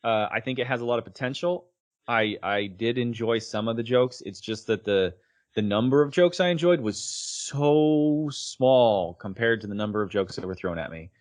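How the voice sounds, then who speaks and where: A man co-hosting a podcast, giving a measured, thoughtful review in casual chat. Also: mid-range voice, animated, a little mellow. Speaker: podcast co-host.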